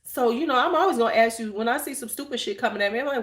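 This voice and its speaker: Host type: outspoken woman in casual live chat, profane and animated, echoey room. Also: fairly high pitch, racing. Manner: blunt, profane, animated storyteller; reads and answers viewer chat. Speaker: channel host.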